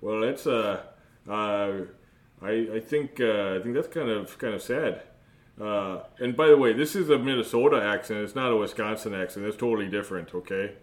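A man narrating as game master of a tabletop game, halting and full of fillers. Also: fairly low pitch. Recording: roomy echo, faint noise.

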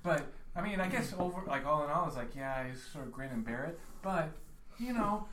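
A man's voice: fairly high pitch, expressive, a little fast, a bit bright, echoey room, slight background noise. A man playing a jittery, folksy superhero with laser powers who rambles and stammers in live improv comedy. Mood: nervous.

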